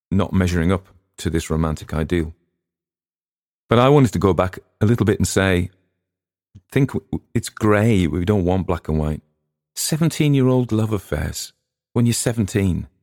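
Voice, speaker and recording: A man's voice: on the low side, darkish tone, dry recording, clean studio sound. An English man hosting a podcast, chatting casually in a rambling, digressive way with frequent restarts. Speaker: podcast host and reader.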